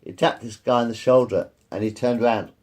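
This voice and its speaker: A man's voice: medium pitch, fairly even intonation, a little fast, darkish tone. A man in his fifties telling rambling personal stories, repeating himself and swearing freely. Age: 50s. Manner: repetitive, circles back and swears freely. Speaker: vlogger.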